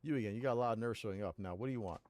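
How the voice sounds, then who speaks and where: A menacing street thug, as a man puts him on, growling his demands low and quietly. His voice drops deep and threatening at the end of each line. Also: very fast, no room sound, lightly acted.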